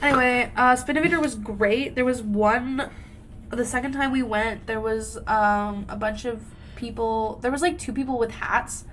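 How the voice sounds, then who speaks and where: A woman's voice: fairly high pitch, normal speed, fairly bright tone, a little hiss or hum. A young woman co-hosting a podcast, telling a long casual story with lots of "like" and fillers. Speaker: podcast co-host. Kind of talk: casual chat.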